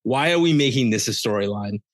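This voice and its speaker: A man's voice: mid-range voice, lively intonation, a little fast, no room sound. A man hosting a podcast, giving a casual, joking, rambling recap of a wrestling show. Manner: jokey, rambling, with playful asides. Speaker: podcast host.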